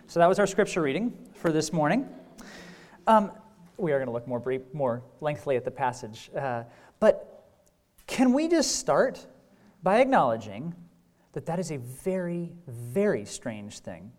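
A man's voice: fairly high pitch, a little mellow. A man teaching a conference sermon in a conversational way, with frequent fillers, rhetorical "right?" checks and wry humor. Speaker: pastor.

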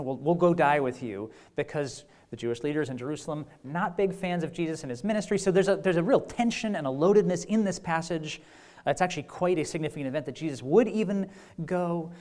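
A man preaching a teaching session with an easy, conversational manner. He sprinkles in "right?" checks and dry little jokes, and the fillers and restarts keep it relaxed. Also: on the high side. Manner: wry humor. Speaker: pastor. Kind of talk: conference teaching talk.

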